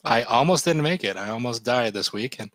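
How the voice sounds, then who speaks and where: A man co-hosting a podcast in casual chat, slightly hoarse from a recent illness, joking at his own expense. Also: medium pitch, expressive, a little fast. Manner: self-deprecating, joking. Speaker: podcast co-host.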